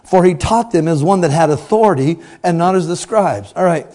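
A man preaching a sermon to a congregation, playful and teasing, swinging from loud outbursts to quiet asides. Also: a little high, expressive, a little fast.

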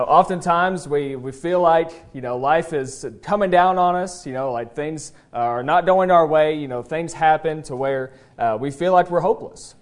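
A man in the pulpit delivers a sermon with a somewhat high-set voice. He talks in a folksy, conversational way, stopping often on "uh" as he gathers his thoughts, then leans into his points earnestly. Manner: folksy, conversational preaching with frequent "uh" pauses; tells a joke story then presses the point earnestly. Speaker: pastor. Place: church service.

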